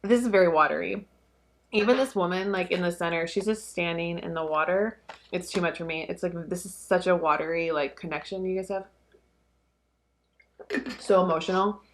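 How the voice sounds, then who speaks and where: A young woman talks through a card reading in a loose, rambling way. Her voice sits a little low for a woman, and her talk is peppered with fillers and casual swearing. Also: normal speed. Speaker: tarot reader.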